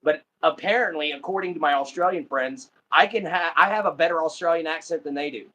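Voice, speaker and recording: Male streamer host from America, laughs easily, voice a touch high, friendly chat. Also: brisk, sharp tone, low-quality recording. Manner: laughs often, friendly sign-offs. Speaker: livestream host. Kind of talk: casual livestream chat.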